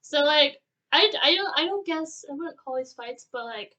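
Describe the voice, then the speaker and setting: A young woman co-hosts a relaxed vlog, cutting in with quick, playful remarks. Her voice is high and bright, with a crisp edge. She sounds loose and chatty. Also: dull audio. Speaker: co-host. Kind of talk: casual chat.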